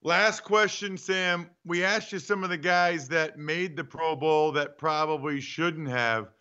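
A male sports co-host with a high, bright, crisp voice asks questions and teases the guest. He sounds playful. The audio is a touch dull. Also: steady tone, a little slow. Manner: playful, teasing. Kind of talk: sports radio talk.

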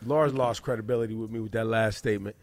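A man's voice: on the low side, steady tone, very fast, a little mellow, no echo. Blunt joking male radio host. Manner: blunt, joking, loose and rambling. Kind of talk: casual morning radio banter. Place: radio studio. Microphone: studio microphone.

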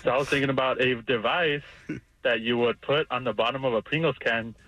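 A man calling in to a radio show, casually and a bit hesitantly pitching his idea. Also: fairly even intonation, fairly quick, fairly bright tone, no echo, low-quality recording. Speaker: radio caller.

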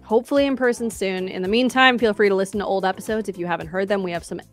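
A woman's voice: mid-range voice, racing, faint music behind. Effusive, giggly podcast co-host woman. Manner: effusive, giggly, self-described unhinged. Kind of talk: casual podcast chat.

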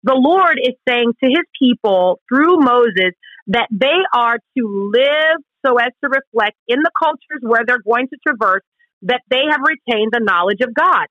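On a Christian radio talk show, a woman with a fairly high-pitched voice co-hosts, laying out Scripture in an earnest, emphatic manner. She acts out the questions she quotes, and the sound is lo-fi with no echo.

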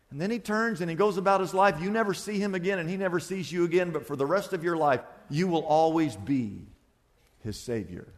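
A man's voice: sits high, lively intonation, normal speed, in a large hall. A man preaching a sermon as pastor, telling a story and acting out the voices of its people, with lots of repetition.

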